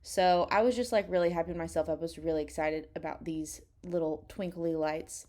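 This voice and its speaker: A woman's voice: lowish voice, moderate pace, mellow. A young woman from Texas, a photographer telling a story in a casual, self-mocking way while editing a photo, swearing freely and acting out her own past lines. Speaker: photographer vlogger.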